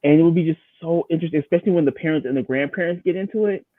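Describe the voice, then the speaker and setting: A man co-hosting a TV recap show, chatting casually and telling animated stories. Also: a little high, racing, no echo. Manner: animated storytelling. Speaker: podcast co-host. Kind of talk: casual chat. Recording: tinny phone-like line.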